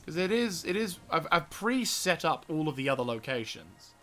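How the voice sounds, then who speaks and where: A man's voice: on the high side, sing-song, normal speed, fairly bright tone, soft background music. A man giving casual gameplay commentary, giggly and exasperated, swearing often. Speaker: gaming video host.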